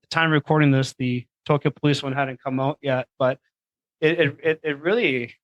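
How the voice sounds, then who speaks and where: Man, earnest and enthusiastic, mid-pitched voice, dry close sound. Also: steady tone, normal speed, dry recording, muffled recording. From Canada. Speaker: event organizer, podcast guest. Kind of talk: casual interview chat.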